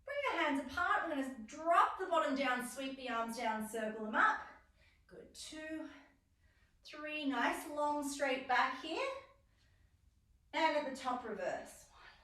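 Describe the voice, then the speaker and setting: A woman's voice: high voice, animated, measured pace, bright, forceful tone. A young adult woman leading a stretching class, counting reps and giving encouraging cues. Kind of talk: guided exercise class instruction. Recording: roomy echo, voice from far off.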